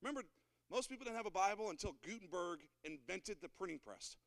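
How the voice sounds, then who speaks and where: High-voiced animated male pastor preaching. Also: fast, creaky. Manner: animated, rising to loud exclamations when excited; asks the congregation questions and waits for answers. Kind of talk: sermon. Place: church sanctuary before a congregation.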